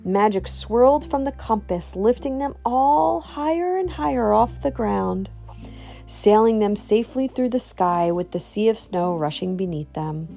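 A woman reading a children's storybook aloud in an expressive, animated way. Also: mid-range voice, a little slow, gravelly, faint music behind.

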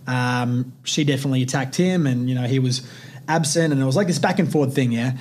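This podcast host, a man with an Australian accent and a mid-range voice, tells a personal story fairly quickly. He's animated and swears freely, acting out the voices of the people he quotes. A little hiss or hum sits under the audio.

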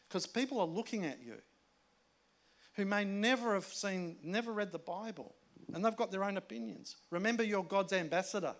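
A man preaching a sermon in a conversational way, moving between emphatic points and hushed asides. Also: high voice, expressive, moderate pace. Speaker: pastor.

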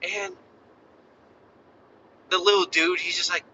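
A man in his thirties chatting casually, telling animated stories about his kids and acting out their voices. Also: high voice, takes it slowly, dull audio, slight background noise. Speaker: father. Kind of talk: casual chat.

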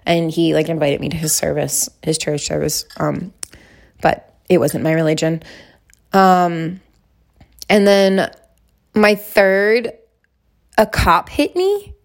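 A woman's voice: low-pitched, fairly even intonation, takes it slowly, gravelly, pauses often. A young woman in her twenties chatting casually as she answers question prompts, rambling with lots of fillers. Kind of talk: casual chat.

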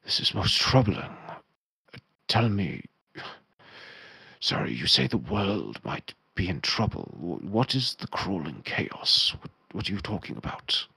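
A man playing a grave old wizard, low and gravelly. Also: sing-song, sharp tone, no echo, full character voice. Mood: troubled. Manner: slow, measured, grave. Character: old male wizard head of a spire, grave and secretive.

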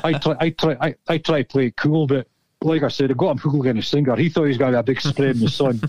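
A man's voice: mid-range voice, fairly even intonation, fast, a little mellow, dry recording. A Scottish man, a former footballer, telling rambling, sweary stories in casual chat. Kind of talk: casual storytelling.

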